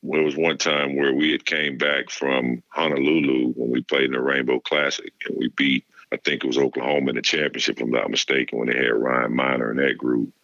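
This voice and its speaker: A middle-aged man, a former player and interview guest, telling stories in a relaxed way and acting out the dialogue. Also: a bass voice, fairly quick, few pauses, no room sound. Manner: relaxed storyteller, acts out quoted dialogue. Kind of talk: casual interview storytelling. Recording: dull lo-fi dry sound.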